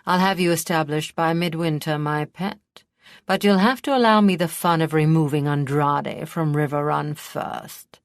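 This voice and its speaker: A woman voicing a gruff, cunning old villain prince. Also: deep voice, normal speed, no echo, clean studio sound. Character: scheming older male High Prince villain.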